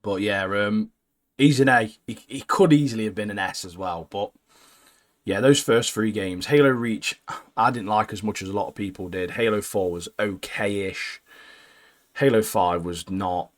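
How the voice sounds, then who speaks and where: A young man chats about video games in a loose podcast banter, dropping "mate" at the end of nearly every sentence. His voice sits low, and his opinions come out blunt and sure. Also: moderate pace. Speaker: podcast co-host. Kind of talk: casual gaming chat.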